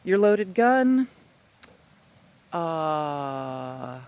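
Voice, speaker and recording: A man working as a dog trainer, giving an instructional talk in a chatty, animated way with playful asides. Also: on the high side, extremely slow, clean tone.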